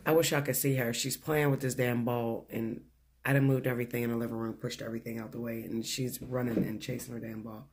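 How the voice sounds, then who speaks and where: A man's voice: medium pitch, little pitch movement, quick pace, noisy background. Blunt, foul-mouthed male tarot reader. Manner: blunt, profane and chatty, laughs often. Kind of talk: casual weekly tarot reading. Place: living room at home.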